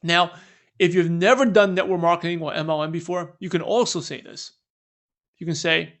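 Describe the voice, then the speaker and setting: A man with a high voice leads a sales training session. He talks in a loose, conversational way and keeps checking in with a quick "right?". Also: steady tone, fairly bright tone. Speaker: network marketing trainer. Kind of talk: training talk with role-played scripts.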